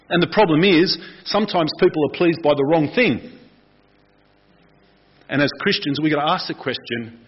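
An Australian man, a pastor, giving a lively, conversational sermon and asking the congregation questions. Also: on the high side, slightly rough, lo-fi sound.

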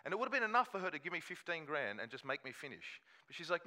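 A man's voice: on the high side, sing-song, fast talker, hardly any pauses, sharp tone. A man, preaching a sermon in a conversational storytelling way and acting out quoted voices. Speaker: pastor.

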